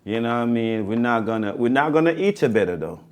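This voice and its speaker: A man's voice: medium pitch, expressive, quick pace, very noisy. A man with a Jamaican accent co-hosting a podcast, casual and emphatic, repeating phrases to drive a point home. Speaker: podcast co-host. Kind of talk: casual chat.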